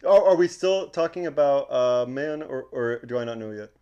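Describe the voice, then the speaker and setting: Animated man hosting casual movie trivia. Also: mid-range voice, moderate pace, dull audio. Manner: animated, laughs often, calls his co-host "Twin". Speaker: podcast co-host. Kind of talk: casual chat running a movie trivia game.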